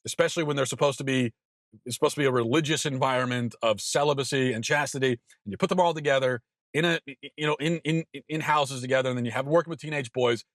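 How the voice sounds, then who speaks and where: A man in his thirties hosts his own show, delivering an emphatic opinion monologue. He repeats himself for stress and stumbles into quick restarts. His voice sits at a middle pitch, and the recording is dry and close. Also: a bit bright, no echo. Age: 30s. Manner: emphatic, repetitive, stammering restarts. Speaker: podcast host.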